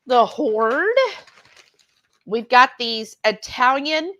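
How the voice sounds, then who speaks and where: A woman co-hosting a cooking livestream from a home kitchen, chatty and excitable, bantering as she cooks. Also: a little high, drawn-out words, dull audio. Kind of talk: casual livestream cooking chat.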